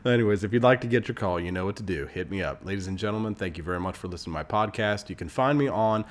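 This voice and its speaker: A man's voice: fairly low pitch, expressive, quick pace. A man in his thirties from Missouri, hosting a casual podcast and telling stories in a rambling, chatty way with many fillers and restarts. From Missouri, United States. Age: 30s. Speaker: podcast host.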